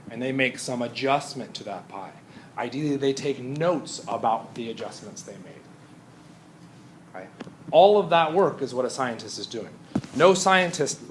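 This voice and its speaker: A man's voice: medium pitch, slight background noise. A man teaching a chemistry class in a conversational lecture, often checking in with his students. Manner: conversational, often asks "Right?".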